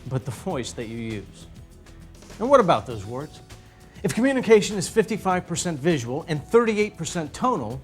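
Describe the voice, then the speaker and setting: A man narrating a lesson from a script, with a fairly high voice that swoops widely in pitch. He plays up his emphasis in a playful, theatrical way. Soft music runs underneath. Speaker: narrator of an educational video.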